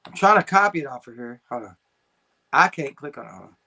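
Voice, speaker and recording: High bright-voiced young guy on a live stream, chill slangy chat reading comments. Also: lively intonation, quick pace. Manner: laid-back slangy banter, frequent fillers.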